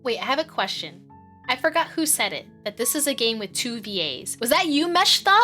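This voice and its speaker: A woman streamer with a bright, slightly high voice chats casually as she plays. She rambles, giggles often and swears freely. Faint game music sits underneath. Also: sing-song, brisk. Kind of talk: casual live-stream chat.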